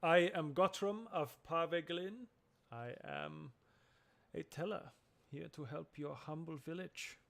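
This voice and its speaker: A man's voice: a little high, takes it slowly, vocal fry, fairly bright tone, pitched above the performer's own voice, exaggerated voice. A man voicing a pompous, vain male adventurer who talks in a flowery, condescending way. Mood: haughty.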